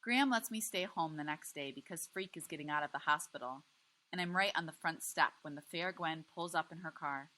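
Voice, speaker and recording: Woman teacher, reading a novel aloud, bright voice, lowish pitch, expressive storytelling. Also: fairly quick, low-quality recording.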